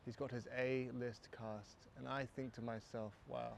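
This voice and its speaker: Posh English man, filmmaker vlogging, rambling and self-mocking, middle-pitched voice, faint outdoor hiss. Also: flat delivery, unhurried, creaky. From England. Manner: musing, self-mocking, trails off with fillers. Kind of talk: rambling vlog monologue.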